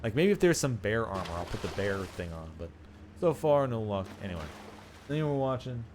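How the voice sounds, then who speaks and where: A man's voice: on the low side, very animated, fairly quick, a little mellow, slight background noise. Man, game streamer, casual rambling chat, profane rants, laughs often.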